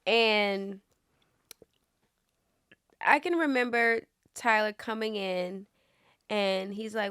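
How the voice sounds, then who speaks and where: A woman telling stories from her work in a relaxed podcast conversation. She talks in an animated way, drops lots of fillers and acts out what others said. The sound is dry and close-miked. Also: medium pitch, takes it slowly, long pauses, clear, resonant tone, no echo. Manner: animated storyteller, many fillers, acts out quotes. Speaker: actress guest. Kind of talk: casual interview chat.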